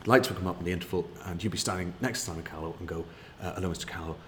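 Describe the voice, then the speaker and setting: A man's voice: sits low, very fast, a little hiss or hum. A middle-aged man, telling rambling, chatty anecdotes as a guest and laughing at his own tales. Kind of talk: casual anecdote.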